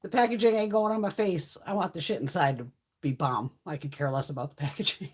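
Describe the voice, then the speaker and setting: A woman's voice: low voice, fast, slightly rough. A middle-aged woman hosting a beauty livestream, chatting casually with viewers and telling stories full of swearing and laughter. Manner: profane, laughing storyteller. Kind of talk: casual chat with live viewers.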